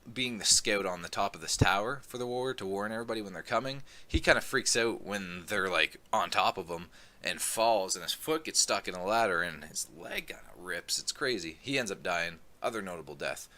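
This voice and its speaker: A man casually recapping a comic book volume, rambling and filling gaps with "um" as he gets excited about the story. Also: lowish voice. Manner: rambling, many "um"s, excitable retelling. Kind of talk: casual plot recap review.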